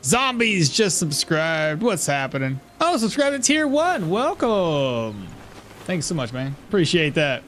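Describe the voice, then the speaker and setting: A man's voice: on the high side, wildly swooping pitch, a little slow, fairly bright tone, slight background noise. A man streaming a game and chatting casually, joking and laughing often between rambling asides. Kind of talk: casual live gameplay commentary.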